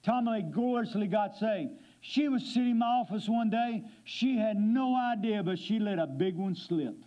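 A man's voice: high-pitched, normal speed, dark tone, muffled recording. A man preaching as a guest speaker in a church, emphatic and asking his listeners questions. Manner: emphatic, asks the congregation questions. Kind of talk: sermon. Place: church sanctuary.

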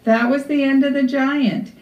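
A woman librarian reading a storybook aloud to children in an expressive, unhurried way. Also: high-pitched. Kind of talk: storybook read-aloud for kids. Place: library room. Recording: echoey room, far from mic, dull.

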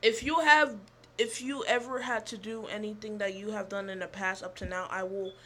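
A young woman vlogger telling a rambling, animated, profane story in casual chat. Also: medium pitch, brisk.

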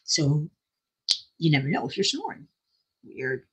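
A woman's voice: deep voice, very animated, measured pace, background noise. An older woman hosting a casual craft livestream, chatting in a rambling, self-deprecating way and laughing often. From South Florida.

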